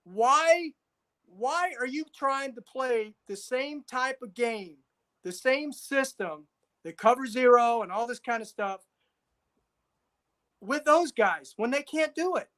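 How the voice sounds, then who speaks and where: A man's voice: very high voice, expressive, slow, bright, forceful tone. A man co-hosting a casual sports talk show, insistent, repeating himself and checking agreement with "right?". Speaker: podcast co-host.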